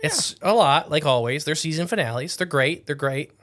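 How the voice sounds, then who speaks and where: A man's voice: a little high, lively intonation, moderate pace, fairly bright tone. A man co-hosting a casual podcast, talking in a rambling, jokey way and often correcting himself mid-sentence. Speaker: podcast co-host.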